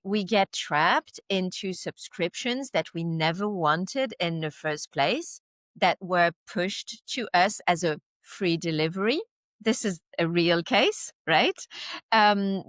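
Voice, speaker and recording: A woman's voice: medium pitch, dry recording. A woman in her forties, a native French speaker, explaining her subject as a podcast guest through vivid concrete scenarios. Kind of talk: explanatory interview talk.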